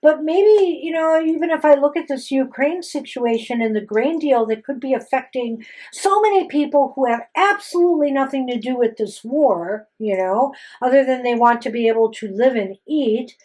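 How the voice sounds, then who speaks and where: Woman, tarot co-host, higher voice, rambling, casual chat. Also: animated, normal speed, hardly any pauses, dark tone, rough recording. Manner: rambling, many "you know" fillers.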